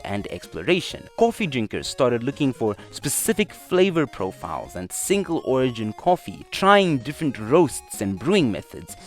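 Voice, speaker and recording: A hoarse young man presenting a YouTube video essay, animated and apologetic, stumbling over hard names. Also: medium pitch. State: hoarse, voice strained from yelling. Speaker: YouTube creator. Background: faint chiptune music.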